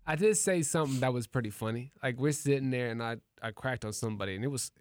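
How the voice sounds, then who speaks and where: A man who is a comedian, telling a story in casual chat in a lively, slangy, profane way. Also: mid-range voice, fast, smooth, dry recording.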